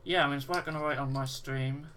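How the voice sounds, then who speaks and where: A British livestream host with a mid-range voice chats at a quick pace while building miniatures, reading out viewer messages and chewing on a sweet. He sounds relaxed, and there's noise in the background.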